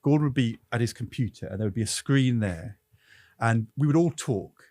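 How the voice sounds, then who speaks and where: Animated middle-aged male podcast co-host. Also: medium pitch, moderate pace, no room sound, studio quality. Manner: animated, storytelling. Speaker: podcast co-host, former politician. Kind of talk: casual chat.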